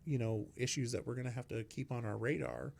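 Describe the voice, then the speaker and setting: A man from Vermont co-hosting a casual local politics talk show, speaking haltingly with many restarts. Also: medium pitch, creaky, darkish tone, husky. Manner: halting, restarts, frequent fillers. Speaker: local podcast co-host, city councilor.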